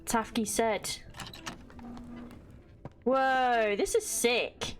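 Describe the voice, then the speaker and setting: A woman's voice: a little high, very slow, faint music behind. A woman streaming a game live, chatting casually with her chat and reading in-game text aloud. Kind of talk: casual gameplay livestream chat.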